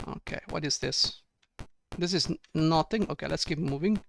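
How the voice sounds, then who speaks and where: A man's voice: on the high side, normal speed, creaky, a bit bright, slight background noise. A man giving ranting gameplay commentary, exasperated and sarcastic, swearing often. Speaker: let's play gamer.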